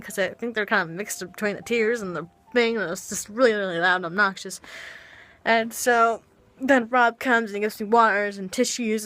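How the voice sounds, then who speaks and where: Halting young woman, bright voice. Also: medium pitch, no room sound. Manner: halting, hesitant, with many restarts and sighs. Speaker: vlogger. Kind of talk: confessional vlog. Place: home.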